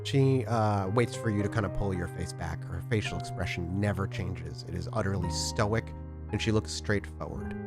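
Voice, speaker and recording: A man's voice: low voice, moderate pace, music in the background. A man narrating as storyteller of a tabletop role-playing game, descriptive and conversational. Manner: lively, descriptive narration with fillers.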